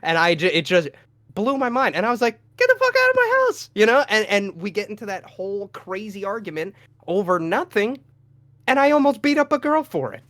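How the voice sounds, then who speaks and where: A young man, a podcast co-host, telling a rowdy personal story with lots of swearing and loud acted-out shouts. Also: high-pitched, a little fast, dry recording. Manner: profane, animated, acts out his own lines in a loud voice. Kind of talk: casual storytelling.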